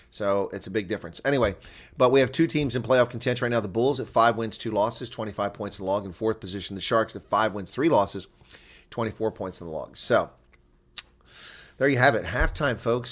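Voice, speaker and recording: A man with a lowish voice hosts a casual live rugby watch-along. He chats loosely, laughs often, and reads viewer comments aloud.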